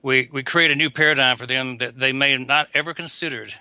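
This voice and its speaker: Bright-voiced older man. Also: medium pitch, steady tone, no room sound. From Atlanta, Georgia. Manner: folksy, unhurried, with frequent restarts. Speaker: guest dentist and coach. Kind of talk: casual interview talk. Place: visiting abroad, remote call.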